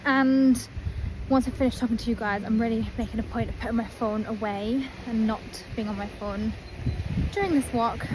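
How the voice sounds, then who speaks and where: A woman's voice: fairly high pitch, brisk, reverberant, heavy background noise. Chatty young woman vlogging. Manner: chatty, rambling, lots of "like". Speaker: lifestyle vlogger. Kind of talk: casual chat to camera. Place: outdoors on a walk.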